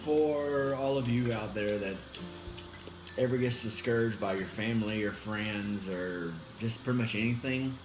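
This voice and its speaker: A man chatting easily with his wife for their vlog, speaking slowly and sincerely to viewers. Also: fairly low pitch, echoey room, over music. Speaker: vlogger, husband. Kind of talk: casual chat.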